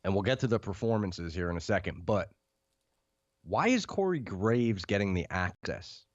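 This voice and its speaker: A man's voice: low-pitched, expressive, moderate pace, no echo, dull audio. A man co-hosting a casual podcast, asking questions and agreeing with short yeps. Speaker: podcast co-host. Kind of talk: casual wrestling chat.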